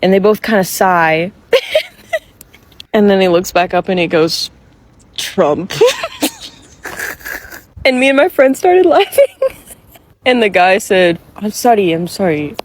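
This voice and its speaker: A woman's voice: mid-range voice, expressive, slow, long pauses, slight background noise. A woman telling a story while traveling, amused and laughing through it. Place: castle, traveling.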